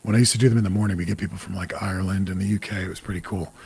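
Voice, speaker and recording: A man's voice: low-pitched, steady tone, racing, creaky, darkish tone, slightly rough. A man in his forties hosting a casual livestream as a psychic medium, talking candidly, cursing freely and greeting viewers by name. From New York area. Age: 40s.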